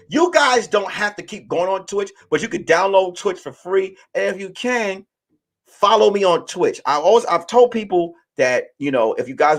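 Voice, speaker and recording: A man in his late thirties talks straight to his listeners as host of his own show. His voice sits a little high for a man, and his storytelling is loose, animated and full of swearing. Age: late 30s. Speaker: podcast host. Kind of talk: casual monologue to listeners.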